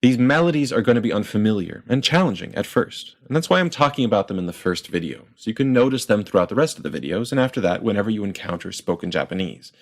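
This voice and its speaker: A man explaining pronunciation in a clear, methodical lesson and sounding out example words. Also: fairly low pitch, animated, fast, few pauses. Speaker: language teacher.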